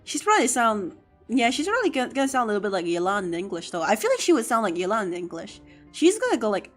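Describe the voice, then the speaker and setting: A young woman streamer chatting casually while gaming, chatty and excitable, filling her talk with "like" and "I don't know". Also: on the high side, fast talker, soft background music.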